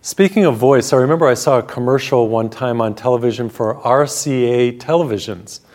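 A man, a Catholic priest hosting a television program, preaching a sermon with stories and slowing down to read scripture. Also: medium pitch. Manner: warm storytelling preacher, slows down for scripture.

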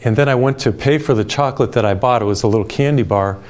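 A man preaching a televised sermon in a calm, gentle, soothing way, telling personal stories. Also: mid-range voice, fast talker. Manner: storytelling with personal anecdotes.

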